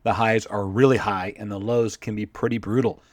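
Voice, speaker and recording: A man hosting a podcast and asking the guest long, measured questions. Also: on the low side, fairly even intonation. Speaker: podcast host. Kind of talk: interview questions.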